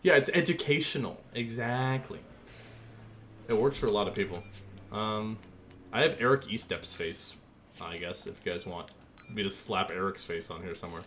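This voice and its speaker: A man's voice: lowish voice, fairly quick, a bit bright, slight background noise. A young man casually chatting with his stream while designing a paint scheme, joking and easily amused. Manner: goofy, joking, easily amused, talks to chat. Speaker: gaming streamer.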